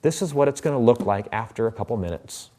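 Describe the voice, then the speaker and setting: A man of middle pitch talks through a card trick step by step, showing each move as he goes. His delivery is loose and conversational, like a magician sharing secrets with a friend. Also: animated, fast, warm tone. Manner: chatty, explains while handling cards. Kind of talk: casual demonstration tutorial.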